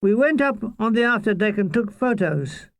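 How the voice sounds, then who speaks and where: A man narrating his own war memoir as an audiobook, with deadpan, irreverent comic delivery. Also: high-pitched, moderate pace, dry recording.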